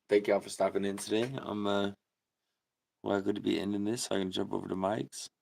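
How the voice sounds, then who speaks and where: A man's voice: fairly low pitch, flat delivery, a little fast, gravelly, darkish tone. A man hosting a casual livestream, chatting laid-back with viewers and laughing often. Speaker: livestream host. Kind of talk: casual livestream chat reading comments.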